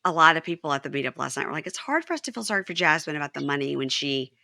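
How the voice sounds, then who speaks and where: A woman's voice: sits low, animated, racing, gravelly, bright, forceful tone, no room sound, clean studio sound. A woman hosting a podcast, recapping a show in casual chat and retelling the dialogue with animation. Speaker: podcast host.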